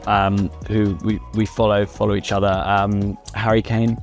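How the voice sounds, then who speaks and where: A young man talking casually, relaxed and chatty, with a fairly low voice. He laughs easily between stories. Faint music plays underneath. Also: normal speed, vocal fry. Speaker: interviewer. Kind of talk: casual chat.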